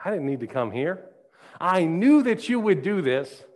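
A preacher acting out a whiny sulking prophet. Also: male voice, high voice, big pitch swings, unhurried, darkish tone, pitched above the performer's own voice. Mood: whining. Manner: complaining, petulant.

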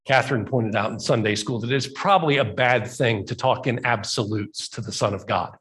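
A man preaching a sermon as a pastor, telling the story conversationally and slowing down for emphasis. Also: medium pitch, a bit bright.

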